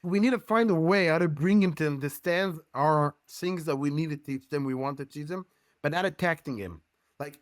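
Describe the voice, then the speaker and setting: A Hebrew-native man explains his views as an educator in an earnest, storytelling way, his English halting and dotted with Hebrew terms. His voice sits a little high. The recording is dry and close. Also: no echo. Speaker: guest rabbi and educator. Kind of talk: podcast discussion.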